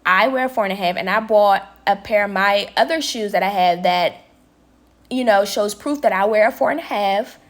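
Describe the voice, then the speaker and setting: A young woman vlogger telling a story in casual chat, talking straight to her viewers and quoting people in lively voices. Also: medium pitch, normal speed. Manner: chatty, addresses viewers as y'all, quotes people with lively voices. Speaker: vlogger and nail tech.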